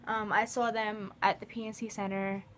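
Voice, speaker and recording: A woman's voice: mid-range voice, little pitch movement, normal speed. A young woman in a casual fan vlog, talking in an emotional, rambling way with lots of "like". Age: young adult. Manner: rambling, emotional, heavy use of "like". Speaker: vlogger.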